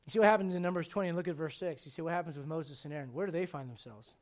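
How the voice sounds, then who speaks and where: A man preaching a sermon as pastor, speaking emphatically with loud bursts and direct questions to the congregation. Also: a little high, very fast.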